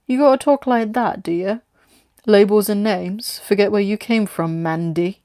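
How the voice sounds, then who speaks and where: A woman's voice: medium pitch, normal speed, mellow, no echo, studio quality, natural voice. A woman voicing a brash mocking female London tough. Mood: taunting. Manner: taunting, blunt.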